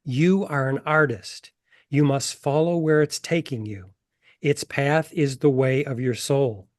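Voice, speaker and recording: Guy reading as a kind wise lady mentor, slow soft delivery, dry sound. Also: mid-range voice, no room sound, lightly acted. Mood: gentle. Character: gentle wise woman mentor.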